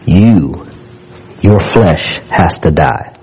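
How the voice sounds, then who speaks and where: A man's voice: low-pitched, lively intonation, drawn-out words, darkish tone, breathy edge, rough recording. A man preaching a sermon in a church, reading scripture aloud and building in fervor as he speaks to the congregation. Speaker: pastor.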